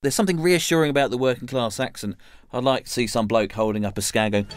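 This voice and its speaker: A man doing stand-up in a wry, measured way. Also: medium pitch, soft background music. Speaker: stand-up comedian. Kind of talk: stand-up routine.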